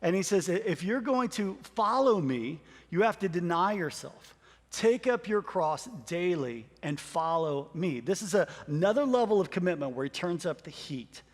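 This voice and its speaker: Man, pastor, high-pitched, animated, long hall reverb. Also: moderate pace. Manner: animated, acts out quoted lines. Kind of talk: sermon introduction.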